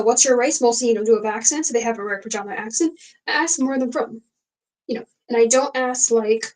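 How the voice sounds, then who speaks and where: A woman's voice: on the high side, darkish tone, rough recording. A young woman hosting a casual late-night livestream, talking frankly and rambling with many fillers and restarts. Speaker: livestream host.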